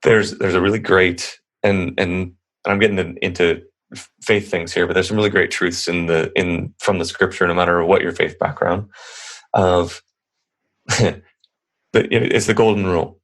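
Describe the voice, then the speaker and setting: Man in his thirties, husky voice, rambling, earnest storytelling. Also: low-pitched, fairly even intonation, normal speed. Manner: rambling, earnest, lots of restarts. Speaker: guest. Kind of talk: casual conversational storytelling.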